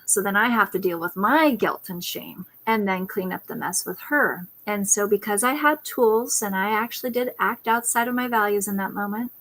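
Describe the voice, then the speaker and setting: A woman's voice: mid-range voice, a bit bright. A woman parenting coach telling a personal story on a talk show over a video call, reflective, now and then putting on her child's pleading voice.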